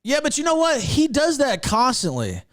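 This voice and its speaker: A man hosting a casual chat, explaining in an emphatic, drawn-out way. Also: very high-pitched, wildly swooping pitch. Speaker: host.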